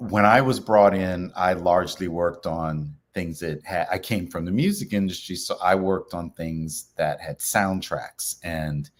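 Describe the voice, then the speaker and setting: A middle-aged man with a fairly low voice tells a story in a relaxed interview. He acts out the other people's lines with a lot of animation. He speaks as a company founder talking through his career. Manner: animated storyteller acting out quoted dialogue.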